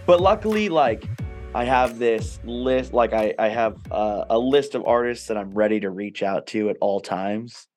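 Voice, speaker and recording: A relaxed male podcast host chats loosely, dropping slang and fillers. Faint music sits behind his voice. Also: on the low side, moderate pace. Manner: laid-back, says man and bro. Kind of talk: casual chat.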